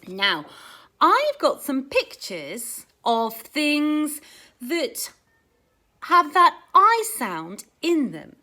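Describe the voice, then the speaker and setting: A woman leads a phonics lesson for small children, stretching out each sound in a sing-song, exaggerated way. Her voice is bright and clear, with a pitch that leaps up and down a great deal. She speaks slowly and patiently, dwelling on every letter. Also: huge pitch swings. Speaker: teacher.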